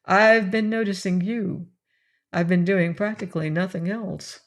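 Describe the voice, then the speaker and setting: A good-humoured young man teases and presses his point gently, as a woman reads him. He speaks slowly, at an easy storybook pace. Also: medium pitch, steady tone, close to an everyday voice. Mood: insistent. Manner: teasing, gently insistent. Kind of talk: audiobook character reading.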